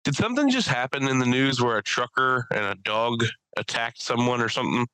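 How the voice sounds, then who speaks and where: Male comedian-host, loose profane storyteller, bright crisp voice. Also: mid-range voice, lively intonation, a little fast, dry recording, poor audio. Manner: rambling, profane, laughs at own stories. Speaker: podcast host and stand-up comedian. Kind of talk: casual storytelling chat.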